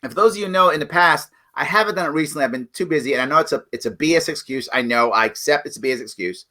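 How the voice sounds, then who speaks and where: A middle-aged man with a bright, forceful voice pitched a little high. He hosts a political commentary livestream and speaks bluntly and emphatically, addressing viewers directly. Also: racing. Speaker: political show host.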